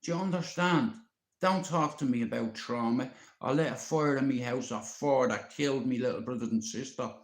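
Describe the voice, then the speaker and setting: A man's voice: medium pitch, normal speed. Upset Irish man ranting, echoey sound. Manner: upset, rambling, swears often, addresses a friend. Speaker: live streamer. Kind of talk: emotional live-stream rant.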